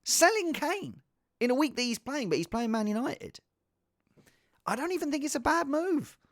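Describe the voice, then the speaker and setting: A man giving casual, rambling fantasy football advice in an excitable, self-deprecating way. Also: high voice, no room sound, studio quality.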